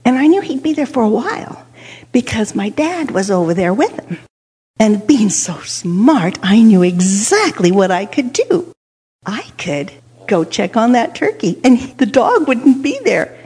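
An older woman with a husky, breathy voice, pitched a little high, spins an animated tale, leaning in with hushed whispers at the tense parts. Her voice rings out with a long reverb, as if she is in a church hall. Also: measured pace. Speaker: storyteller. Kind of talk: dramatic storytelling with a lesson.

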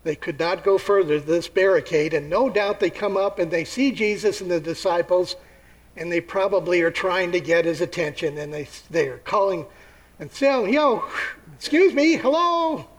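A man preaching a sermon, telling the story with lively acted-out voices and asking his listeners questions. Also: sits high, normal speed, low-quality recording. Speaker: pastor.

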